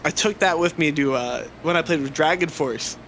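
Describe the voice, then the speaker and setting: Man, slightly high voice, animated casual storyteller, light hiss behind. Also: moderate pace. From New Jersey. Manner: animated, swears freely, laughs often. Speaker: guest guitarist.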